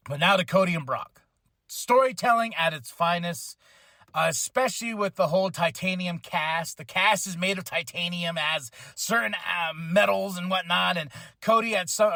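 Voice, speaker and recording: A man hosting a podcast, giving a rambling, excitable, casual review of a wrestling show, swearing freely and acting out quotes. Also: sits high, gravelly, no room sound. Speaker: podcast host.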